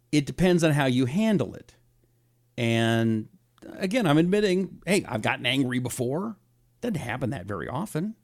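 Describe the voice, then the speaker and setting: A middle-aged male talk show host chatting loosely on a live stream. He rambles with false starts and reads viewer comments out loud in an ordinary mid-pitched voice.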